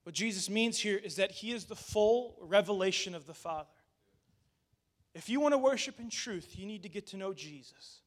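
High-voiced pastor preaching a lively sermon. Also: male voice, normal speed. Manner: animated, addresses the congregation directly; conversational asides with restarts.

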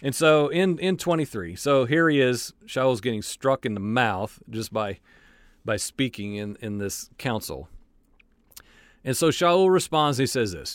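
A man's voice: medium pitch, a little slow, no room sound, studio quality. A man giving an informal Bible study, reading scripture aloud and commenting on it with asides and filler words. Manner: animated, frequent fillers and restarts. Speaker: Bible teacher. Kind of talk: conversational Bible study teaching.

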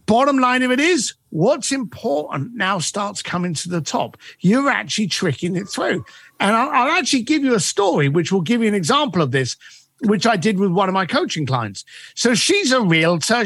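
A man's voice: high-pitched, no echo. A man being interviewed as a guest author and coach, telling stories animatedly and acting out the dialogue. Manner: animated, acts out quoted dialogue. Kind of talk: interview storytelling.

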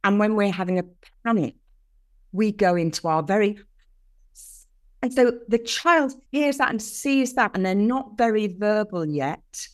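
An older woman, a podcast guest explaining things earnestly with lively emphasis in casual conversation. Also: medium pitch, unhurried.

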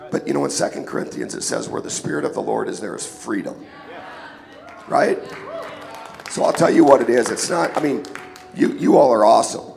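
Hoarse, sniffling man preaching over music. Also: medium pitch, very animated, fairly quick, long pauses, a little mellow, a faint crowd. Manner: casual, joking, calls for amen. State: congested, sniffling and hoarse from a cold. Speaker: guest preacher. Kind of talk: sermon. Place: church sanctuary.

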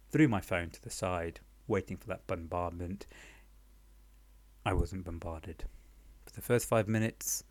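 Brief: young man, low voice, dry deadpan storyteller, close dry sound. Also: dry recording. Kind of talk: comic monologue storytelling. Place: home apartment.

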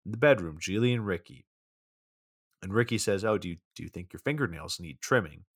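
Low-voiced deadpan young man. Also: brisk, breathy edge, no echo, clean studio sound. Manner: deadpan, sardonic. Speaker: podcast co-host. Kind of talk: casual movie recap chat.

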